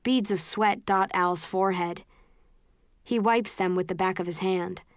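A woman reading a first-person audiobook in a measured, low-key way. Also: steady tone, no room sound, clean studio sound. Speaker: audiobook narrator.

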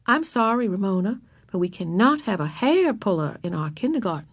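A woman voicing a firm but kind female kindergarten teacher, speaking slowly and sternly. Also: mid-range voice, sing-song. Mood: firm measured. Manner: slow, measured and stern.

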